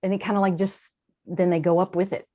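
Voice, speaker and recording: A woman guest in an interview, explaining in a lively conversational way, with quick asides and frequent shifts in emphasis. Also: lowish voice. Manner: animated, warm-hearted explaining with quick asides and laughs. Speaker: translator and guest.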